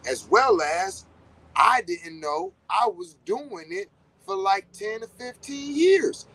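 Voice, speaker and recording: A man's voice: on the high side, a bit bright, breathy edge, rough recording. Laid-back man in casual spiritual talk. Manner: loose, conversational, swears often, acts out quoted reactions. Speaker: podcast host.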